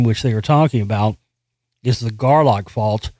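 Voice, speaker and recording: A man hosting a solo commentary show reads a news article aloud, then breaks into profane, frustrated rants full of restarts. His voice is fairly low and darkish at normal speed, in a dry recording.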